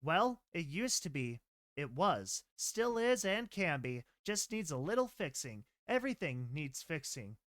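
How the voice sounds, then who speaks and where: Unhinged giggly pegasus mare, voiced by a man; high, singsong, obsessive repeats; dry close mic. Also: sing-song, measured pace, a bit bright, no echo. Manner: singsong, giggling, fixated repetition.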